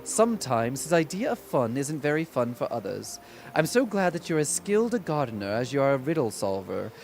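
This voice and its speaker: A man putting on a fake, bad British accent to voice a polite, gentle storybook character in a prim, sing-song way. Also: mid-range voice, big pitch swings, a little fast, gravelly, a little hiss or hum. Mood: courteous.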